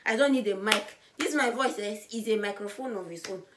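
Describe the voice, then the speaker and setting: A woman vlogging to camera, loud and bubbly, with a voice she calls high and loud. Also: brisk, noisy background. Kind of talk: casual vlog to camera.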